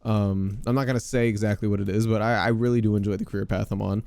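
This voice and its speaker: A young man hosting a podcast, giving loud, excitable gaming commentary with casual swearing. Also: on the low side, fast talker, vocal fry, no room sound. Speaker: podcast host.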